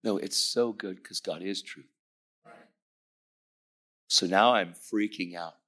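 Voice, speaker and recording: A middle-aged man preaching a testimony sermon, animated, acting out dialogue and dropping at times to a whisper. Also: sits low, slow pace. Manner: animated storytelling, acts out dialogue, drops to whispers.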